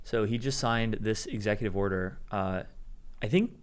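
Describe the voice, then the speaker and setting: A man co-hosting a live tech news show, calmly laying out arguments with examples in a casual commentary style. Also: on the low side, moderate pace, smooth. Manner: explanatory, builds arguments with examples. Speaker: co-host.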